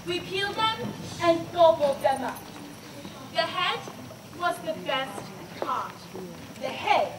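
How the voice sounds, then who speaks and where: A woman playing an old grandmother in an amateur stage play, telling scary witch stories in a slow, dramatic way. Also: very high voice, heavily acted. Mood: fond. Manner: slow, dramatic storytelling with emphatic drawn-out words. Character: old grandmother warning of witches, storytelling, doting. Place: camp stage, audience hall. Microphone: far camera in the audience. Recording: distant camera, faint hiss.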